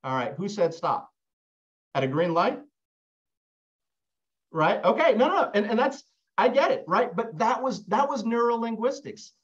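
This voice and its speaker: A man's voice: extremely high pitch, big pitch swings, normal speed. Male sales coach on a video call, casual delivery, keeps checking in with the group, slightly muffled audio. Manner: conversational, keeps asking "right?", repeats words when restarting. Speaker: real estate sales trainer. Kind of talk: live online coaching session.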